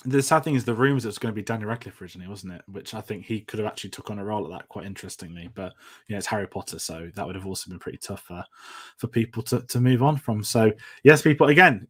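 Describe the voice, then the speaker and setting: A man's voice: medium pitch, fast talker. A man hosting a film review show, chatting casually and running through upcoming content. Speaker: film review podcast host. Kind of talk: casual chat.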